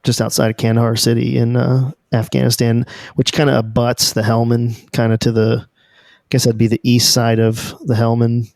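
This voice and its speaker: Podcast host guy, mid-pitched voice, easygoing and rambly, dry mic. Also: moderate pace, gravelly, no echo. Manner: relaxed, loose and conversational, with fillers. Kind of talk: casual chat.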